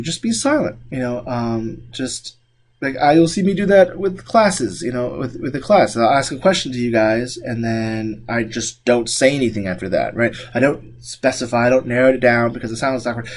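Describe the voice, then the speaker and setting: A man's voice: mid-range voice, expressive, normal speed. A man giving a classroom lecture, talking loosely with many fillers and restarts. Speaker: instructor.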